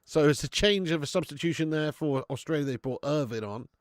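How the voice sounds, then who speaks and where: A man's voice: on the high side, brisk, no echo, studio quality. A man hosting a live football watch-along, chatting in slangy, jokey banter with frequent laughs. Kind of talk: live stream commentary and chat.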